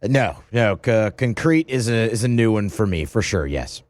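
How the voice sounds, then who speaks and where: A man's voice: lowish voice, expressive, moderate pace, darkish tone. A man who produces a sports radio show, chiming in.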